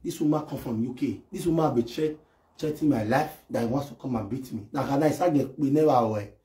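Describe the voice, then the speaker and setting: A man doing a comic live-stream rant, excitable and mocking as he acts out imagined scenes. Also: medium pitch, a little fast. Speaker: comedy live video host. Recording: echoey room.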